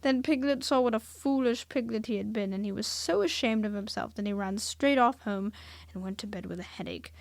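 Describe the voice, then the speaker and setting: Expressive woman reading a storybook. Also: medium pitch, brisk, vocal fry, no room sound. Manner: expressive, dropping to hushed whispers for suspense.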